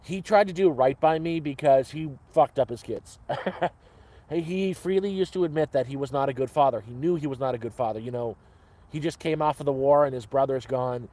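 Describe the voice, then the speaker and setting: A man's voice: medium pitch, brisk, warm tone. A man hosting a live cooking stream from his camp, rambling cheerfully to viewers and swearing freely.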